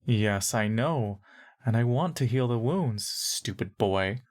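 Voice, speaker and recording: A woman's voice: very deep voice, lively intonation, takes it slowly, a little mellow, full character voice. A woman voicing a cruel man who speaks in a falsely sweet, cooing way.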